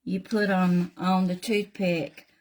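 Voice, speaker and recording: A woman's voice: lowish voice, little pitch movement, slow pace, a little mellow, a little hiss or hum. A middle-aged woman with a Southern US accent, hosting a live craft tutorial and chatting in a folksy way with viewers while she paints. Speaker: craft channel host.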